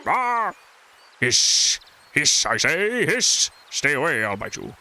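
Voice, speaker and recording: A man's voice: on the high side, very animated, bright, forceful tone, a little hiss or hum, pitched above the performer's own voice, exaggerated voice. A man voicing a stranded male howler monkey in a video game, whiny and sarcastic, dragging out his words dramatically. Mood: frightened. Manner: drawn-out, dramatic whining.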